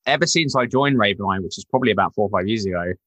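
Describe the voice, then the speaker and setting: This lowish, rapid-fire male voice has a breathy edge and no echo. He's a touring rock drummer in a casual interview, an animated storyteller who swears freely and acts out quotes.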